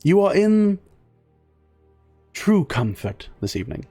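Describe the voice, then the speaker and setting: A man voicing a polished, formal waiter in a tabletop game, with courteous, drawn-out sales patter. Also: high voice, big pitch swings, mellow, dry recording, faint music behind, voice pushed up, exaggerated voice. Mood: genteel. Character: polished, formal male fine-dining waiter.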